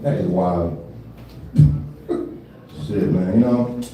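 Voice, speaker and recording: Male comic in his thirties, mellow voice, cussing and laughing, echoey venue heard from far off. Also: low-pitched, slow, a little hiss or hum. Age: 30s. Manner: loose, profane, laughing, many filler tags. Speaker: stand-up comedian. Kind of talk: live stand-up set. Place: live comedy venue.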